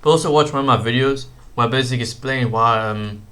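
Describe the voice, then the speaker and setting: Bright-voiced young man rambling about fights. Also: mid-range voice, quick pace. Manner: rambling, frequent fillers and slang like "bro". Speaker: YouTube commentator. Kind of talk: casual commentary.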